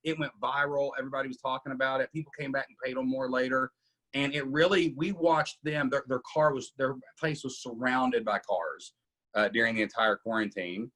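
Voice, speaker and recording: Forceful husky-voiced man coaching. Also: medium pitch, steady tone, brisk. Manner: emphatic, asks "right?" often. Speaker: podcast host coaching members. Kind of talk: casual coaching Q&A.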